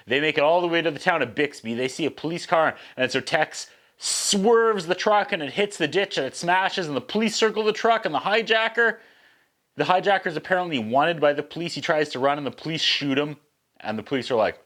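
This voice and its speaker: A man's voice: a little high, fairly bright tone. Wry man recapping a movie. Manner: sarcastic, wry asides while recapping. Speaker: host. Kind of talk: casual movie review narration.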